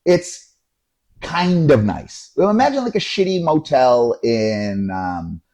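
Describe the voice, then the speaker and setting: A man hosting a podcast, telling a story in a casual, animated way, acting out voices and swearing now and then. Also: mid-range voice, slow pace. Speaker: podcast host.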